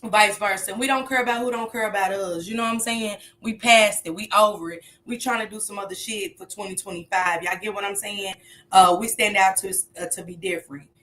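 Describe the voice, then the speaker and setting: A woman's voice: medium pitch, steady tone, a little fast, a bit bright. A woman hosting a casual livestream, talking straight to her chat in a loose, joking and profane way. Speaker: livestream host.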